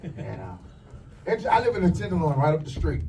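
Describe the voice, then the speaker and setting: A man doing a stand-up comedy set in a club, telling crude, punchy stories with quick asides. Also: fairly high pitch, very animated, mellow, distant mic, slight background noise, poor audio. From lives in the USA.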